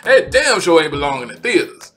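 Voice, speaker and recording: A man rants in a loose, exasperated way, circling back to the same phrases again and again. His voice sits high and bright, and faint music plays softly underneath. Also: a little fast. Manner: animated, exasperated, repeats "man" and "you know what I'm saying". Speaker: vlogger. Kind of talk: heated casual rant.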